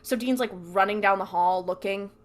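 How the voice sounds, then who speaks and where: A woman's voice: mid-range voice, normal speed. A young woman co-hosting a podcast, chatting casually and acting out characters' lines as she recaps. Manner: animated, acts out characters' lines while recapping. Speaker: podcast co-host.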